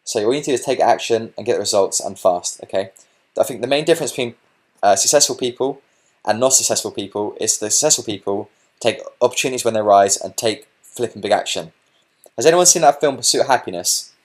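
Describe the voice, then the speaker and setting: A man giving a webinar sales pitch as a business coach, pushing viewers to take action and often saying "okay" and "look". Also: animated, quick pace. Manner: pushy, repeats "okay" and "look".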